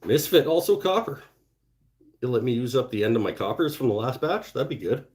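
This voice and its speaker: A man runs a relaxed woodturning livestream from his home workshop, reading viewer comments aloud and muttering to himself as he works. He has a medium-pitched voice and talks fairly quickly.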